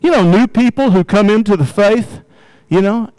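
Chatty older preacher, dry sound. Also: male voice, sits high, normal speed, a little mellow, no room sound, low-quality recording. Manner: chatty, full of "you know" and "right?", chuckles often. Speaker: pastor. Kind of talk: conversational sermon.

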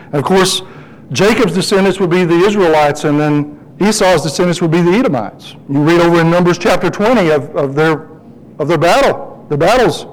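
A middle-aged man preaching a sermon and telling a personal story, lively and animated, his voice jumping high as he quotes himself. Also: a little fast, low-quality recording. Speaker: pastor.

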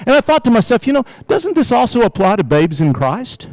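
A man's voice: very high voice, sing-song, fairly quick, hardly any pauses, a little mellow, no echo, poor audio. An older man preaching a casual, conversational sermon to his church, peppering his points with "you know" and "right?" and light chuckles. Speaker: pastor.

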